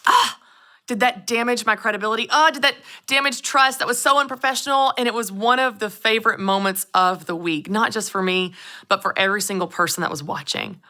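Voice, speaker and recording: Animated woman, thirties, motivational host talking to camera; bright tone. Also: medium pitch, fairly quick. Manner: animated storytelling, addresses the audience directly. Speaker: show host and business coach.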